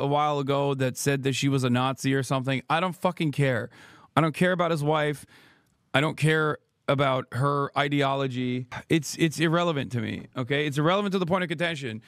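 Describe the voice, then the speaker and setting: A man's voice: on the high side, brisk, no echo, clean studio sound. Angry, profane man ranting on stream. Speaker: political streamer. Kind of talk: heated live-stream rant.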